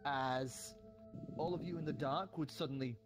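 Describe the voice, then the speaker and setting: A man narrating a tabletop game as game master, in a relaxed, descriptive way. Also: medium pitch, moderate pace, over loud music.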